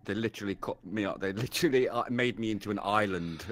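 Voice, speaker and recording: A man's voice: lowish voice, lively intonation, fairly quick. A man hosting a casual podcast, chatty and laid-back, swearing now and then. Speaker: podcast host.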